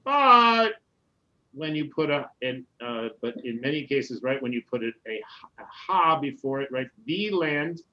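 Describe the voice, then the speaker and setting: Man, rabbi, casual online lesson, chatty, middle pitch, muffled call audio. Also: a little slow. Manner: relaxed, chatty, many "right?" checks. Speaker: rabbi teaching a Hebrew class. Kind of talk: casual online class teaching.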